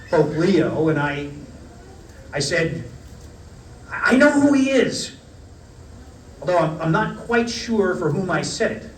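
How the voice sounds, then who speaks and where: A middle-aged man reading a prepared lecture in a measured, wry storytelling manner. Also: a little high, fairly bright tone, a little hiss or hum. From United States. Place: parish hall. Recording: roomy hall, mic at a distance.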